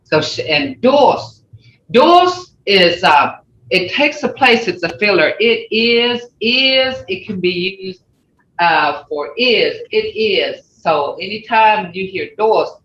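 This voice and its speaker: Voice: medium pitch, lively intonation, fairly bright tone. A language teacher leading an online class, explaining patiently and repeating key points. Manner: slow, repetitive, patient explaining. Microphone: video call. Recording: echoey, distant, muffled video call.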